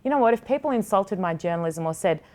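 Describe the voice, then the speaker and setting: A woman's voice: medium pitch, expressive, quick pace, a little mellow. A woman who hosts a TV sports show, talking frankly and with feeling in a podcast conversation, swearing now and then. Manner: frank and heartfelt, swears freely.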